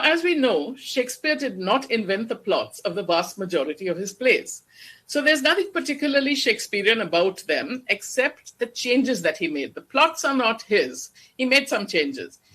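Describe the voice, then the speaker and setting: Bright-toned speaker giving a measured lecture. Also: mid-range voice, husky. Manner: measured, explanatory, slows down to recite verse. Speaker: guest lecturer on Shakespeare. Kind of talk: academic lecture.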